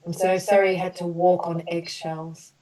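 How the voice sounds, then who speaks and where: A woman leading an online group healing session, slowly offering soothing apologies and then explaining in a loose, chatty way. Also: lowish voice, level tone, warm tone, far from the mic, a little hiss or hum, poor audio. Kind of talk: guided emotional healing session.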